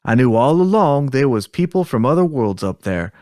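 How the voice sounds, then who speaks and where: A man's voice: mid-range voice, big pitch swings, normal speed, mellow, dry recording, studio quality, lightly acted. Ask for a man doing a shaken Southern fisherman. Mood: shaken insistent. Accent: put-on Southern US. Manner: drawling, rattled, insistent. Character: shaken older male fisherman after a UFO encounter. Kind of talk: podcast reenactment of a transcript.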